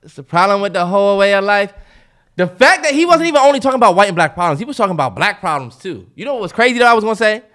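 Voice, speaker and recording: A man's voice: sits high, lively intonation, very fast, a bit bright. A young man with a DMV accent, co-hosting a podcast, arguing his points emphatically in casual chat. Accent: DMV African American English. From DC-Maryland-Virginia area. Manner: argumentative, emphatic, joking. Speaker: podcast co-host.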